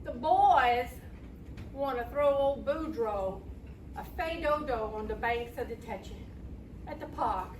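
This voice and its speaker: An excitable small-town sheriff, put on by a woman storyteller, rambling on in a folksy drawl and bursting into gleeful shouts. The voice sits high and slow. It comes from far off in an echoey hall with noise behind. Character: excitable Cajun male sheriff, chatty. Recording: roomy hall, mic far off, noisy.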